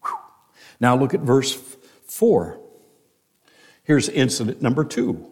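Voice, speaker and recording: A male pastor preaching a sermon, emphatic, with rhetorical questions and dramatic pauses. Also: mid-range voice, sing-song, a little mellow, husky.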